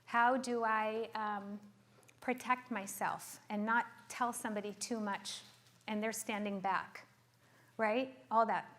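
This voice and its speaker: A woman's voice: fairly high pitch, fairly even intonation, takes it slowly, fairly bright tone. Earnest middle-aged woman therapist explaining. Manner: earnest, checks in with frequent rhetorical questions. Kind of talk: explaining to an audience.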